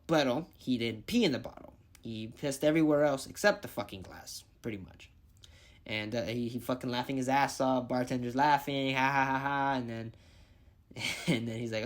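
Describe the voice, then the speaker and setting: A man's voice: medium pitch, fairly quick. Rambling, profane movie-review guy. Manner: rambling, swears freely, thinks aloud. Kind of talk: casual movie review vlog.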